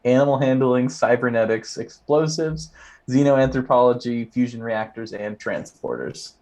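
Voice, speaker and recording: Player, man, mid pitch, dry deadpan delivery. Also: normal speed. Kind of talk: tabletop game chat.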